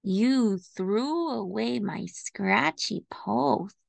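A woman voicing a moody, pampered house cat in a slow storybook reading. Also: medium pitch, expressive, creaky, dry recording, full character voice. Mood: gentle. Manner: slow, gentle read-aloud delivery.

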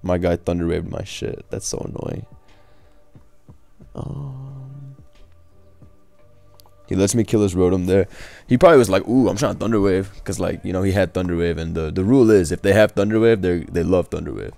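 A young gaming streamer casually commentates his own competitive match live, laid-back, swearing and laughing while trash-talking. His voice sits low and is gravelly and warm, at a normal pace with frequent pauses. The recording is dry, with faint background music.

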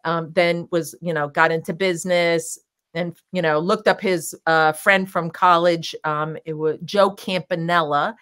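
Rambling woman telling anecdotes, lowish voice. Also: fairly even intonation, measured pace, fairly bright tone. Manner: rambling, filler-heavy anecdotes with frequent laughter. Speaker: guest, drag king performer. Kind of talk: casual interview storytelling.

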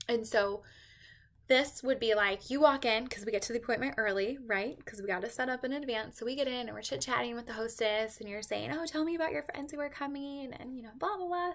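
A woman's voice: a little high, vocal fry, fairly bright tone. A young woman giving an upbeat, chatty sales training talk, acting out sample conversations as she goes.

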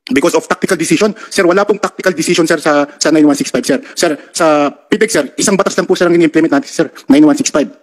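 Rapid, high-voiced deferential police officer. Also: male voice. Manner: deferential, says "sir" after nearly every phrase. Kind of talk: testimony at a hearing. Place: hearing room.

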